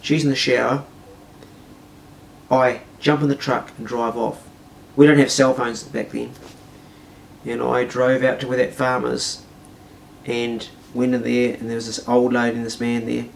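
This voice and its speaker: A middle-aged man tells a story in a blunt, wry, casual way. His voice is gravelly with rough fry. He sits well back from the mic, so the sound is distant. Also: medium pitch, level tone, unhurried, long pauses, a little hiss or hum.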